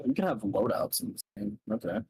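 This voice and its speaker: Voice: medium pitch, very animated, brisk, gravelly, dark tone, slightly rough, no room sound. A person casually bantering and swearing at a video game while chatting with their partner.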